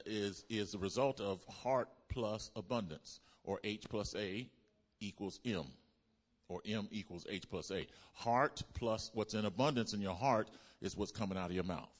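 A pastor preaching a sermon to his congregation, asking them to repeat lines back and building up to loud exclamations. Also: on the low side, normal speed. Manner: call-and-response preaching, builds to shouts. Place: church.

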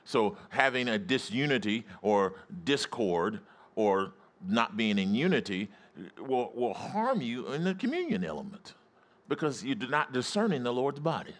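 Man, pastor, church sermon, animated call-and-response preaching. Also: medium pitch. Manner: preaching with call-and-response, rising to excited shouts. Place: church sanctuary.

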